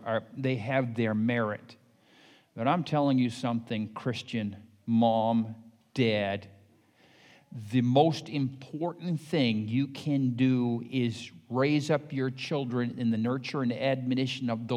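A man's voice: mid-range voice, a little mellow, in a large hall. An older man preaching a sermon as pastor, telling homespun stories and then pressing his point hard. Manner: folksy and anecdotal, rising to emphatic exhortation. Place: church sanctuary.

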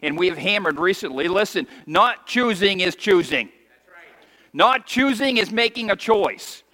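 Bright high-voiced preaching man in a reverberant hall. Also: animated, moderate pace. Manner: emphatic preaching, has congregation repeat lines; reads scripture aloud in archaic wording. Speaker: pastor. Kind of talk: sermon.

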